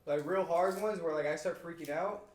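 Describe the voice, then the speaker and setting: Young male co-host, friendly and slangy, a bit high, roomy sound. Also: brisk. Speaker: podcast co-host. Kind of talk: casual chat. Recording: echoey room.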